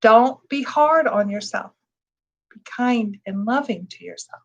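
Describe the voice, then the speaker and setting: Woman, meditation teacher, soothing, reassuring, unhurried, high voice. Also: expressive, vocal fry, lo-fi sound. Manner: soothing, repeats reassurances, laughs softly. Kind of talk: gentle spoken meditation teaching.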